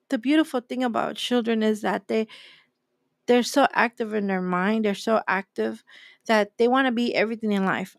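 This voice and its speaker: A woman's voice: a little high, moderate pace, creaky, no room sound, clean studio sound. A woman hosting a faith talk, preaching in an emphatic way and repeating her key phrases. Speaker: host.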